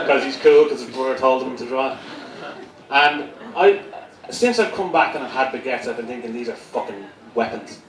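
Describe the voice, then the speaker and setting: A man's voice: mid-range voice, a bit bright. A man performing a live stand-up set, sardonic and foul-mouthed, rambling through his stories. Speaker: stand-up comedian. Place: comedy gig venue, indoors. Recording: roomy, distant mic, crowd noise. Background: audience laughter.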